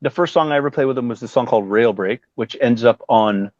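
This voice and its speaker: A man's voice: quick pace, dry recording. A man in his fifties, a guest musician telling a story in a casual interview, acting out what others said and swearing often. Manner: animated, acts out quotes with big pitch jumps, swears often. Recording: dry, dull lo-fi audio.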